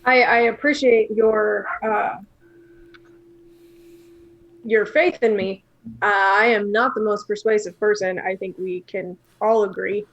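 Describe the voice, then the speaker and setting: A woman's voice: medium pitch, fairly even intonation, measured pace, pauses often, lo-fi sound. A woman playing a tabletop game, hesitant and self-deprecating. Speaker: player.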